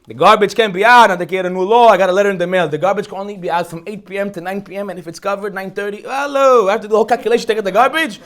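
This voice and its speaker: A man's voice: high-pitched, racing, few pauses. A man giving a humorous Torah lecture as a rabbi, telling stories and asking rhetorical questions. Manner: animated storytelling, rhetorical questions. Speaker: rabbi teaching a holiday class.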